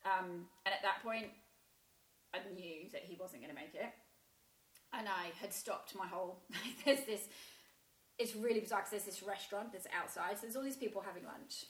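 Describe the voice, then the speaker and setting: A woman telling a painful personal story in a halting way, with many restarts and fillers. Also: medium pitch, a bit bright. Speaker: guest sharing a personal story. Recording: roomy echo.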